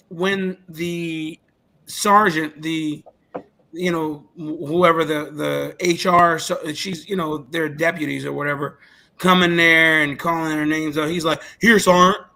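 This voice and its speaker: Man, storytelling, lively, swears, bright tone, slightly high pitch. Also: takes it slowly, creaky. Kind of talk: casual podcast chat.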